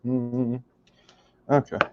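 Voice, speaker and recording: A man's voice: mid-range voice, little pitch movement, drawn-out words, very noisy. Wry joking man cooking in kitchen. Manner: joking, wry, swears casually. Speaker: cooking streamer. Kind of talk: casual cooking chat with viewers. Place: home kitchen. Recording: muffled lo-fi home recording.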